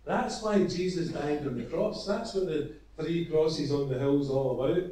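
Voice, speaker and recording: A male preacher tells a parable in an earnest, halting sermon. His voice sits a little high but sounds mellow. It reaches the mic from a distance, with heavy echo all around. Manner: earnest, storytelling, with halting restarts. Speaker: evangelist preacher. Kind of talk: evangelistic sermon. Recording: echoey, from far off.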